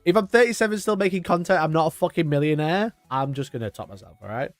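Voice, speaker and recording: Fast-talking and expressive, this livestream host in his twenties has a voice on the high side. He rambles, swears and laughs through casual chat, recorded without echo and with faint music behind.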